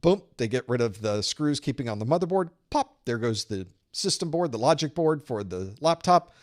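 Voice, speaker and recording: A man's voice: medium pitch, expressive, moderate pace. A man hosting a live-streamed certification study group, explaining with casual analogies and playful sound-effect narration. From Southern United States.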